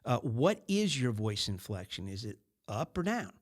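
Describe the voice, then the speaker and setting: Animated man hosting a business show. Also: medium pitch, normal speed. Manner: animated, acts out little scenes in other voices. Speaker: podcast host. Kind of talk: casual business talk.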